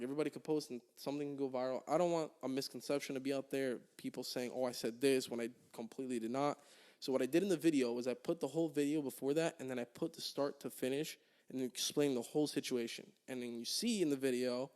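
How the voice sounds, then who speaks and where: A man's voice: fairly high pitch, darkish tone. Profane young man telling a story. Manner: profane storytelling, quoting others in raised voices. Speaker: podcast guest. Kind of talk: casual chat.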